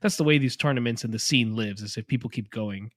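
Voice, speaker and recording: A man's voice: medium pitch, fast talker, no room sound, clean studio sound. Agreeable male podcast co-host. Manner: agreeable, thoughtful, chimes in. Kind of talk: casual chat.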